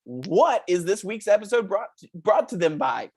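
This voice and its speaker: A man's voice: sits high, very animated, moderate pace, darkish tone, breathy edge, voice pushed up, exaggerated voice. A man improvising an overeager children's TV show host, talking in a sing-song way as he plugs a sponsor. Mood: peppy. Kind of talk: improv comedy scene.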